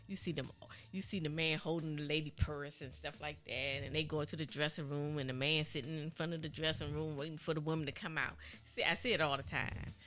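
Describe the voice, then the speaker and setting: Woman radio host, casual and animated, repeats herself, faint music behind. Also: deep voice, a little fast.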